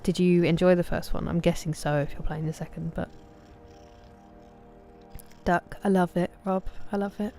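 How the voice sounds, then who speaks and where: A woman streams a game and chats easily with her viewers, greeting each one by name between quiet asides. Her voice sits a little low and sounds mellow and warm. Faint music plays underneath. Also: fairly even intonation, moderate pace, long pauses. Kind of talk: casual chat with live viewers while gaming.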